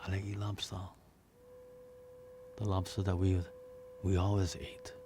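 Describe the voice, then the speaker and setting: A man's voice: lowish voice, fairly even intonation, slow pace, gravelly, background noise. A man voicing a stubborn, determined Hawaiian boy who speaks Hawaiian Pidgin. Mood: insistent. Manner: insistent, nagging.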